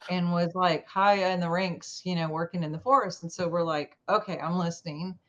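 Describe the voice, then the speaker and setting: A woman tells a personal story as an interview guest, acting out quoted lines with lively jumps in her voice. Her voice sits a little low. The recording is dull and lo-fi. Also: moderate pace. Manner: animated, acts out quoted dialogue.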